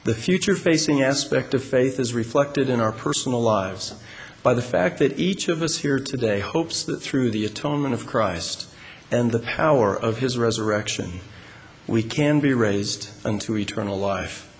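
A man giving a sermon to a congregation in a large hall, speaking in a measured, deliberate and emphatic way. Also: medium pitch. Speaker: religious speaker. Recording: long hall reverb, faint room noise.

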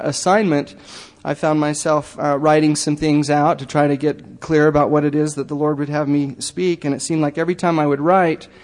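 A middle-aged man giving a halting, earnest church talk, full of fillers and self-deprecating asides. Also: on the high side, darkish tone. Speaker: lay church speaker. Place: chapel. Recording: long hall reverb.

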